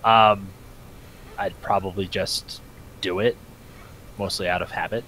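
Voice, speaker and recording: A man's voice: low-pitched, fairly even intonation, measured pace, sharp tone, slight background noise, rough recording. A young adult man playing a tabletop game, hesitant and often repeating his words. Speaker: player. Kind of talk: casual tabletop play.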